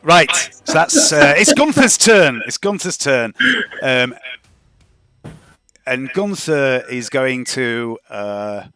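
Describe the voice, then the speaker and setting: A man's voice: mid-range voice, very animated, slow, sharp tone, clean tone, no room sound. A man narrating as game master of a tabletop game, rambling with frequent hesitations and restarts.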